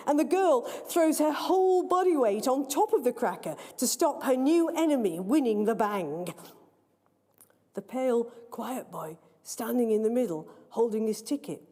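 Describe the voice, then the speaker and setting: A woman reading her own story aloud at a live event in a large library hall, with expressive, measured storytelling. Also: a little high. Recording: long reverb of a large hall.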